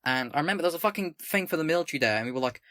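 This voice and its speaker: A man's voice: fairly high pitch, lively intonation, racing, pushed and bright, no echo. Young guy reading stuff out and commenting, swears a lot, trips on words, dry close mic. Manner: sweary, stumbles while reading, self-mocking asides. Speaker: political commentator. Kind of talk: reading aloud a document with commentary.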